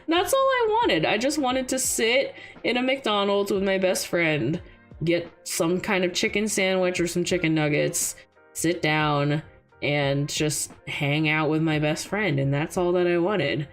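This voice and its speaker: A young woman streaming casual chat, an animated storyteller who laughs often. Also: fairly low pitch, unhurried, faint music behind.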